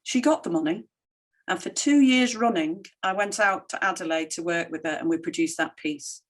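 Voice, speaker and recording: Speaking at a normal pace in a voice on the low side, a middle-aged woman gives a conference keynote backed by slides. Her storytelling is animated, and she brings quoted people to life with lively voices.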